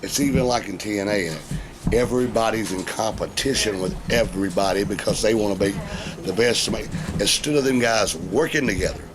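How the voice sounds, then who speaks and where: A middle-aged man, a wrestling veteran telling profane, animated stories in a casual interview. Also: on the low side, fairly quick. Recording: noisy background.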